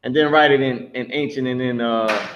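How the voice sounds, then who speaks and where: A man's voice: mid-range voice, fairly even intonation, normal speed, dull audio, a little hiss or hum. A man teaching a class, blunt and emphatic, swearing freely as he explains.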